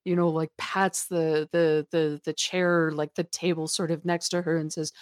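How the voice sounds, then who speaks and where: A woman describing her character's moves in a tabletop game, hesitant and chatty. Her voice is fairly low for a woman. The sound is dry and close. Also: flat delivery, normal speed, hardly any pauses, a little mellow, no room sound. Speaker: player. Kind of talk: casual tabletop play.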